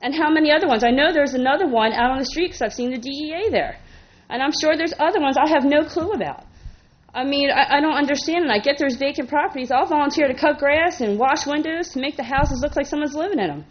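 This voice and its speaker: A woman's voice: high-pitched, fast, dull audio. A woman speaking as a resident at a town council meeting, emotional and indignant, talking in run-on bursts at a podium microphone. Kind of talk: public comment at a council meeting.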